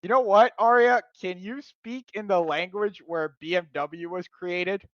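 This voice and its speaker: A man hosting a casual live stream, excitable, laughing loudly and filling pauses with ums. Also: high voice, no echo. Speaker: streamer host. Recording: dull lo-fi dry sound.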